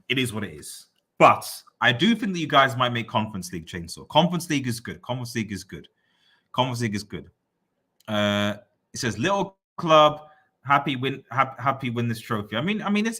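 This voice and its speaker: A man live-streaming, reading out viewer comments and answering them in a teasing, repetitive running rant. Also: medium pitch. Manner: repeats phrases, teasing, excitable rants. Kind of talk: casual live-stream chat.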